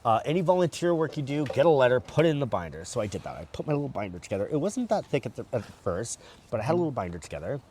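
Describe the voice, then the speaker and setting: Recorded on a distant mic with faint outdoor noise, a male guest tells his personal story very fast in a mid-range voice. He's frank and animated, acting out quotes as he walks at night.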